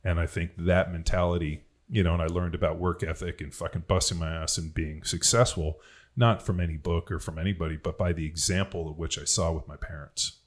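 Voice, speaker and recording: A podcast host talking in a loose, casual way, telling personal stories with plenty of swearing and fillers. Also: male voice, deep voice, fairly even intonation, fairly quick. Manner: loose, profane storytelling full of fillers.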